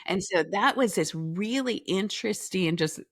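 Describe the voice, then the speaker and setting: A woman guest on an interview show, telling a personal story in a lively way and acting out the dialogue. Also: mid-range voice, unhurried, no echo, clean studio sound. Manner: talks through restarts and filler phrases. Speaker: podcast guest, leadership coach.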